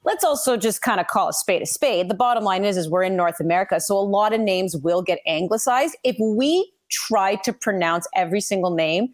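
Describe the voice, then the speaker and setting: Woman, sports broadcaster, casual podcast chat, animated storyteller. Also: medium pitch, fairly quick, hardly any pauses. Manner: animated storyteller who acts out others.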